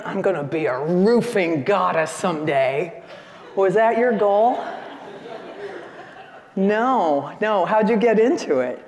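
A woman in her sixties giving a lively, chatty seminar talk and questioning the audience from the stage. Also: medium pitch. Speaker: seminar speaker. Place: conference hall stage. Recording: echoey hall.

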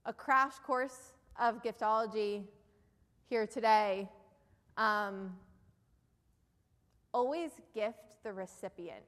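A woman with a New Jersey accent speaks to an audience from a stage in an event hall, and her voice trails off into a long reverb. Her pitch sits in an ordinary middle range for a woman. She makes her case in an earnest, persuasive way and keeps putting questions to the room. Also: slow pace, pauses often, fairly bright tone. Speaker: keynote speaker. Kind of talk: motivational business presentation.

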